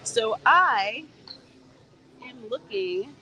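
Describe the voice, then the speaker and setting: A woman's voice: medium pitch, big pitch swings, unhurried, fairly bright tone, low-quality recording. A woman, live-streaming a casual, playful walk through a theme park gift shop and talking straight to her viewers.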